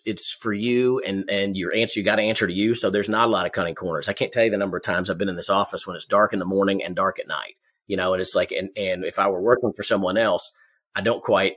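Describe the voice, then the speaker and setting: A man coaching salespeople in a conversation, energetic and quick, often repeating words as he talks. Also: on the low side, breathy edge. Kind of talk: conversational advice, storytelling.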